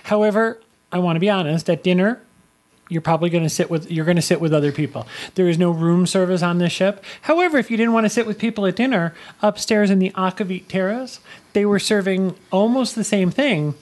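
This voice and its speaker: A man's voice: sits high, brisk. Chatty male co-host telling a travel story. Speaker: podcast co-host, travel agent. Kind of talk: casual podcast chat.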